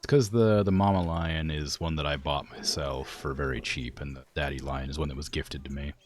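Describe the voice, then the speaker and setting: A man's voice: a bass voice, steady tone, fairly quick, a little hiss or hum. A man streaming a zoo game, rambling in casual commentary, talking to the animals and filling gaps with "like". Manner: rambling, talks to the animals, many "like" fillers; tired, yawning.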